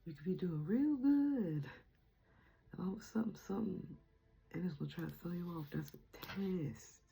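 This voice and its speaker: A woman's voice: lowish voice, expressive, normal speed, creaky, warm tone, poor audio. A young adult woman vlogging about spirituality, emotional and close to tears, talking casually with slang. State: teary, on the verge of crying. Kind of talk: emotional spiritual vlog chat.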